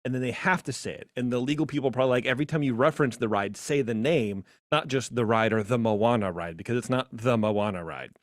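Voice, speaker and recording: Man, podcast co-host, opinionated casual chat, animated, dry close sound. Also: fast, few pauses, no echo. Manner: animated, jumps to high mocking voices.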